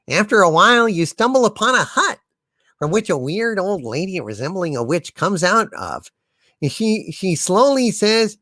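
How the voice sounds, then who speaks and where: A man's voice: sits high, fairly bright tone, no echo, studio quality. A man hosting a comedy livestream, telling long jokes in a playful, theatrical way. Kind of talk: casual livestream chat.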